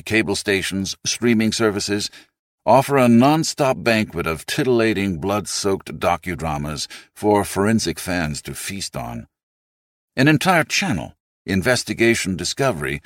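A man narrating a nonfiction audiobook in a scripted, expressive and emphatic storytelling manner. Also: deep voice, no echo, clean studio sound.

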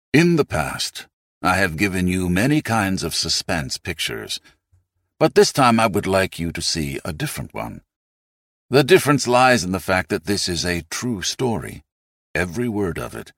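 A narrator puts on the voice of a dignified older British film director. He speaks deep and slow, weighing every word in a British accent. His voice is low, with a dry, close sound. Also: fairly bright tone, no room sound, exaggerated voice.

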